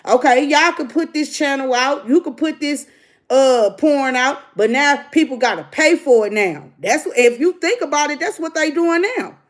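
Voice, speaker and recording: A woman's voice: high voice, moderate pace. Blunt preachy woman ranting to viewers. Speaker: livestream host. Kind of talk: casual livestream rant.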